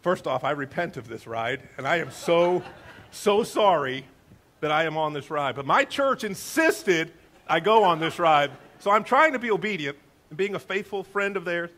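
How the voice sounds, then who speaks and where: A middle-aged male pastor telling a funny story in a sermon, with a lively, self-mocking manner. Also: a little high, normal speed.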